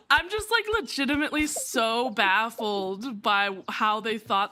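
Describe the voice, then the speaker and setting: A young woman streaming a game live, muttering to herself, swearing freely and breaking into sarcastic rants and loud outcries. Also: a little high, slow pace, slight background noise. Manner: bursts into loud laughing outcries. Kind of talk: live gameplay commentary. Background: faint background music.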